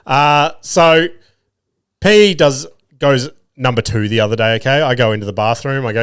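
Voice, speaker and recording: Crude, laughing Australian dad. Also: male voice, mid-range voice, moderate pace, a bit bright, smooth, dry recording, studio quality. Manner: crude, swearing, laughing at his own stories. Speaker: podcast host. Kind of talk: casual storytelling.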